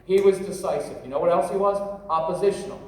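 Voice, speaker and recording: Speaking quickly in a high voice, a middle-aged man runs a humorous, rambling parenting workshop, joking and addressing the live audience directly. He is in a large convention hall, heard from a distance with echo and faint noise.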